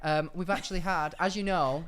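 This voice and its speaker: A man's voice: fairly high pitch, fairly even intonation, a bit bright, a little hiss or hum. A man co-hosting a comedy advice podcast, bantering playfully and teasing his guest. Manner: playful, teasing, quick to laugh. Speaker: podcast co-host.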